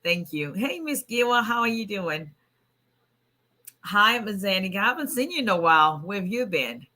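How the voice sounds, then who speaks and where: A hoarse woman immigration attorney on a casual livestream, chatting and greeting viewers by name. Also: medium pitch, animated, normal speed, bright, forceful tone. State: hoarse, voice nearly gone.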